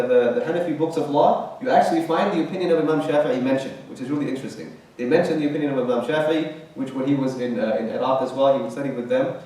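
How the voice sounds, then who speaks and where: Male religious class teacher, relaxed and conversational, recorded from afar in a reverberant mosque. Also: mid-range voice. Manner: conversational, checks in with "right?" often. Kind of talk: Quran commentary class. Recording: very echoey room, distant mic.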